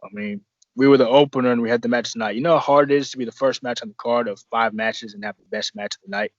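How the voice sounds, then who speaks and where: Wrestler guest for a podcast, rambling and profane, mid-pitched, dry dull recording. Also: male voice, animated, fast, dry recording. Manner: rambling, profane, restarts often. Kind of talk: casual podcast storytelling.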